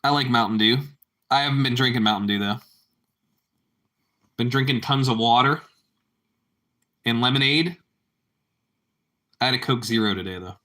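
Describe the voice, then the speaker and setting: Man, livestream host, bright tone, loose rambling chat, repeats lines. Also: mid-range voice, moderate pace, long pauses. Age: adult parent. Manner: rambling, repetitive, calls viewers bro. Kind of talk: casual livestream chat with viewers.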